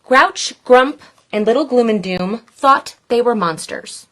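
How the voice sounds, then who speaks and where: A woman reading a children's picture book aloud in a playful, expressive way. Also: a little high. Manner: playful, expressive, slow and deliberate. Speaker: storyteller.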